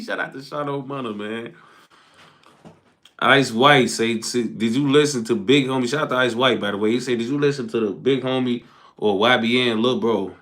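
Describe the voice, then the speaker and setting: A young man on a casual live stream, reading viewer comments aloud and ending phrases with a low trailing "folks.". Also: fairly bright tone.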